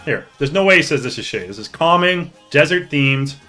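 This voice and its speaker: A man hosting a live stream, chatting casually and excitably with his viewers, joking and swearing as he goes. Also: fairly high pitch, normal speed, faint music behind. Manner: excitable, jokey, talks to chat, swears. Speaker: streamer hosting a hockey league draft.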